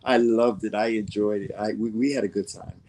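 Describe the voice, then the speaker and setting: A man's voice: fairly low pitch, fairly even intonation, fairly quick, a little mellow, low-quality recording. A man from the American South with a faded Southern accent, chatting casually as co-host and full of fillers and restarts. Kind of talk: casual chat.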